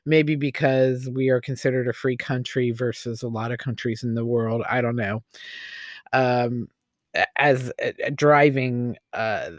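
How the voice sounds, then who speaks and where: A man's voice: mid-range voice, no room sound. Rambling opinionated man, dry sound. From United States. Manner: rambling, opinionated, with many fillers and restarts. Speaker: podcast host. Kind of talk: casual opinion monologue.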